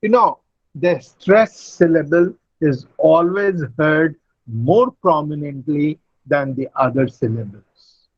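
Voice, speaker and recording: A man teaching English word stress in an online lecture, speaking deliberately and repeating each word to model it. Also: a little high, no echo, highs cut off. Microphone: computer mic on a video call.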